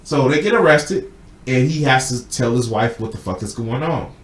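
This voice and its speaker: In an echoey room, a podcast host with a mid-range voice chats casually while going through a film's story at a moderate pace. He's animated, swears plenty, and acts out the quotes.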